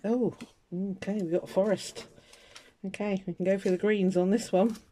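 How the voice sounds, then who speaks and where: A woman's voice: mid-range voice, fairly even intonation, moderate pace, warm tone, a little hiss or hum. Chatty woman colouring. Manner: chatty and self-mocking, with little laughs and mutters to herself. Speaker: colouring vlogger. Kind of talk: casual chat while colouring.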